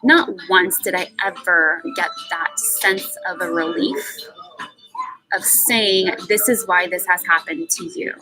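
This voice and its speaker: A woman hosting a live session, talking off the cuff in an emphatic, profane venting style with sudden jumps in pitch. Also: fairly even intonation, takes it slowly, poor audio. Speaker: livestream host. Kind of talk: unscripted emotional monologue. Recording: music playing behind the voice.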